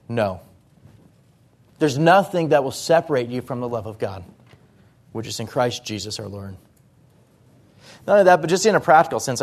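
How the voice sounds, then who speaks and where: A pastor preaching a sermon in church, talking through scripture in a conversational way with rhetorical questions. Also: male voice, mid-range voice, darkish tone.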